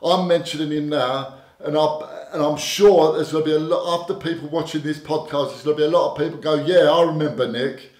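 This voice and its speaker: An older man tells his stories as a podcast guest. He speaks a touch high for a man, often repeating words and slipping into quoted dialogue. The room around him rings with echo. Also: fairly even intonation, brisk, darkish tone. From Britain. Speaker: interview guest, former doorman. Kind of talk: casual storytelling interview. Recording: echoey room.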